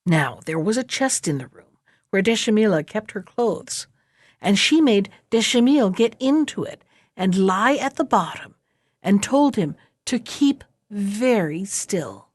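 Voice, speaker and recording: A woman reading a fairy tale aloud in a slow, measured storybook manner. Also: medium pitch, darkish tone, no room sound, studio quality.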